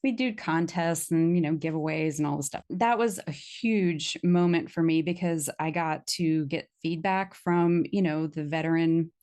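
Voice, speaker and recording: A middle-aged woman from Virginia talks in a fairly low voice as a podcast guest. She tells stories with energy and jumps into other people's lines with a raised, playful voice. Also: moderate pace, few pauses. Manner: animated storyteller, acts out quotes in a raised voice. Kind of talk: casual podcast interview, storytelling.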